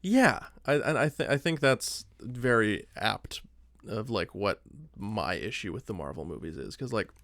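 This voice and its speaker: A man co-hosting a podcast in casual chat, animated, leaning on "like" and acting out his own thoughts as quoted lines. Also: on the low side, unhurried, no echo, studio quality. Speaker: podcast co-host.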